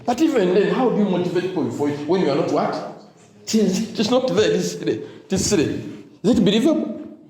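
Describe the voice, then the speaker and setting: A high-pitched man gives a motivational talk to teachers, his voice swinging up and down a lot. He leaves his sentences hanging with "what?" so the listeners can fill in the word, and now and then he drops into Luganda. He was recorded in an echoey room. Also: animated, fast talker, mellow. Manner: call-and-response, asks "what?" for the crowd to fill in; mixes in Luganda phrases. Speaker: motivational speaker.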